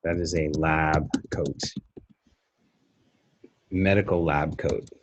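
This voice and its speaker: A man coaching someone through a pitch in a live webinar, brisk and demonstrative in a salesy way. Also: steady tone, muffled recording, background noise.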